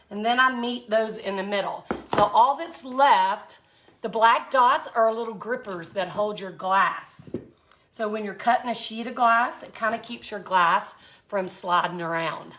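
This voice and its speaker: A woman's voice: on the high side, sharp tone, a little hiss or hum. A middle-aged woman hosting a live craft tutorial, chatty and folksy, greeting viewers by name as she works. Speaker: art tutorial host.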